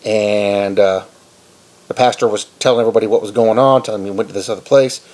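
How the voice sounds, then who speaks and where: A man's voice: on the low side, fast. A man gives a casual storytelling sermon, talking in a rambling, conversational way. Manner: rambling, conversational, relaxed retelling. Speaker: Christian video preacher.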